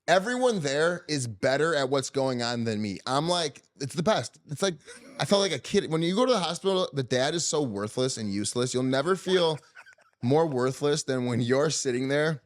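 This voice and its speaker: A man's voice: a little high, expressive, normal speed. Guy on a podcast telling a story, lots of "like", laid back and jokey. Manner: loose and joking, heavy use of "like". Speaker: podcast host. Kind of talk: casual storytelling chat.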